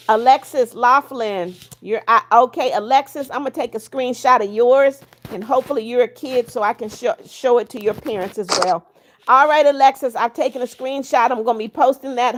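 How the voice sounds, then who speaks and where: A woman hosting a livestream, reading viewer comments aloud and answering them in a firm, blunt way. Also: on the high side. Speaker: livestream host.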